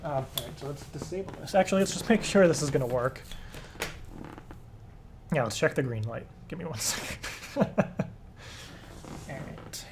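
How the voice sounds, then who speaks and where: A man's voice: fairly high pitch, lively intonation, normal speed, pauses often, noisy background. A young man hosting a live stream, talking casually and nervously, swearing and laughing often. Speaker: live show host.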